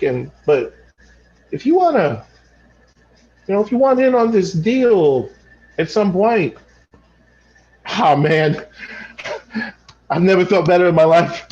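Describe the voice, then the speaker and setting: An improv actor playing a sentimental aging orchard owner who stammers and trails off. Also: male voice, high-pitched, a little mellow, lo-fi sound. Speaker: improv performer. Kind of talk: improv comedy scene.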